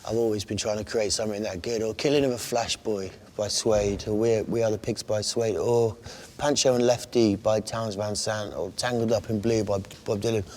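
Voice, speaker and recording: A man, a guest songwriter talking in a casual interview, meandering and halting as he thinks aloud. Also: lowish voice, steady tone, a little mellow.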